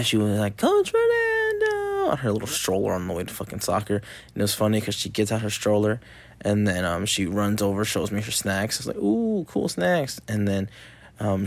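A young man, a youth soccer coach, chatting casually into a mic, rambling, swearing freely and acting out what people said. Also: on the low side. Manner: loose and rambling, swears a lot, acts out quotes. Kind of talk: casual solo chat on a mic. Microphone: talking into a mic.

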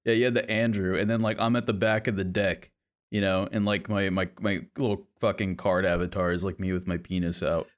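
A man's voice: low voice, level tone, brisk. A man from the United States chatting on a podcast, rambling with lots of fillers and swearing. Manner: rambling, filler-heavy, profane. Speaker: podcast co-host. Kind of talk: casual podcast banter.

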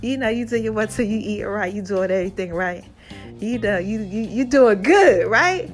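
A woman's voice: medium pitch, animated, moderate pace. A woman hosting a podcast, chatting casually and out of breath, calling her listeners y'all and child, with faint music behind. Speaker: podcast host.

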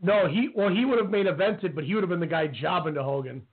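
A man co-hosting a casual wrestling talk show, animated and acting out quotes. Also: high-pitched, fast talker, husky. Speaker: podcast co-host. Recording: tinny phone-line audio.

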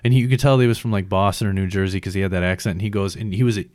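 A man's voice: low-pitched, steady tone, rapid-fire, a little mellow, no room sound, clean studio sound. A man in casual chat, rambling and swearing, with lots of fillers. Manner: rambling, profane, many fillers. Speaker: conversation partner.

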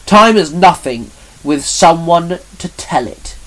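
A man voicing a calm, sarcastic male guardian of time who speaks sternly and dryly. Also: a little high, takes it slowly, pitched above the performer's own voice, rough recording.

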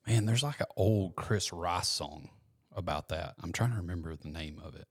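A man co-hosting a podcast, chatting casually in quick conversational back-and-forth. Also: low voice, husky, no echo, studio quality. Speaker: podcast co-host. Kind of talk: casual chat.

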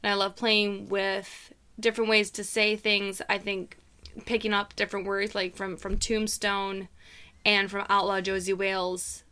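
A woman with a mixed American accent and a slight Southern drawl, co-hosting a podcast in playful, animated casual chat full of fillers. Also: mid-range voice, clean tone. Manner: playful, animated, quick to laugh, lots of fillers. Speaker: podcast co-host.

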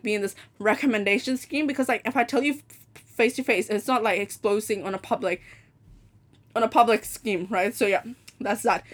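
A young woman rants straight to camera about a bad customer experience, swearing often and acting out the other side of the conversation. Her voice sits a little high and sounds bright and forward. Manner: animated, swears freely, mimics others; switches to Cantonese when quoting. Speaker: vlogger. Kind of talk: casual ranting vlog.

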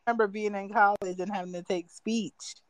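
A woman's voice: medium pitch, fairly even intonation, brisk, slight background noise, low-quality recording. A woman co-hosting a casual podcast, telling stories in an easygoing, wry way. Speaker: podcast co-host.

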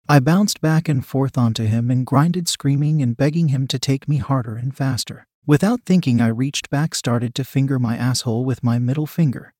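A man reading an erotic story aloud in the first person, steady and unhurried. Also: medium pitch, dry recording, clean studio sound. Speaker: story narrator.

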